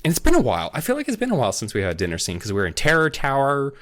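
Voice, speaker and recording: A man co-hosting a casual book podcast, recapping the plot in an animated way and jumping into funny voices for the characters. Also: mid-range voice, racing. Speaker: podcast co-host. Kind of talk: casual book discussion and reading.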